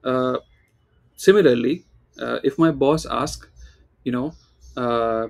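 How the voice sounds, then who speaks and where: A man's voice: mid-range voice, slow pace, creaky, pauses often, darkish tone. A man teaching German, explaining step by step and often checking in with "right?", repeating example phrases in different tones. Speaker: German tutor. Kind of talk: online language lesson.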